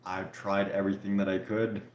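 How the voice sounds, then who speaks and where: Low-voiced man chatting in a roomy space. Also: moderate pace, lo-fi sound, slight background noise. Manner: relaxed and candid, with frequent restarts and "like". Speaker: live stream host answering viewer comments. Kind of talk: casual live Q&A chat. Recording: roomy echo.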